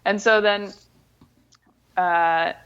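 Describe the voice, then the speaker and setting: A woman co-hosting a casual podcast, telling a bar anecdote in a relaxed way and laughing easily. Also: medium pitch, extremely slow, smooth, lo-fi sound. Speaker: podcast co-host. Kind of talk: casual chat.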